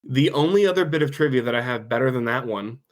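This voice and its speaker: A man's voice: mid-range voice, animated, quick pace. Casual podcast host man, reading trivia. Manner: reads trivia, swears casually. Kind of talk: casual movie podcast chat.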